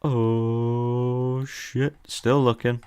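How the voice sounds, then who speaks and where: A man's voice: mid-range voice, little pitch movement, very slow, a little mellow, clean tone. A young man streaming from his desk, teasing his chat in a playful, casual way.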